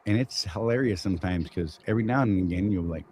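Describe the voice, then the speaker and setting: A man's voice: lowish voice, animated, fast talker, a little mellow, slight background noise, low-quality recording. Joking Southern man hosting a live chat. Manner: joking, rambling, teasing. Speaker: show host. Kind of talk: casual live-stream chat.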